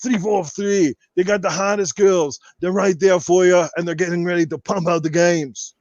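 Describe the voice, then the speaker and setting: A man's voice: high-pitched, steady tone, normal speed, darkish tone, dry recording, dull audio. A man doing a brash bodybuilder impression. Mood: boastful. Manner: brash, boastful, rambling, trash-talking. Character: boastful muscle-bound Austrian bodybuilder, adult man. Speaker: podcast guest doing an impression. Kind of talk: comedic impression in podcast chat.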